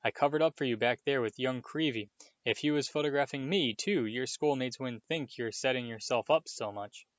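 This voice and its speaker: A man's voice: medium pitch, normal speed, no room sound, natural voice. A man voicing a vain celebrity teacher with a jovial, pompous, hearty manner. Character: vain, booming grown male celebrity teacher. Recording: dull, dry lo-fi recording.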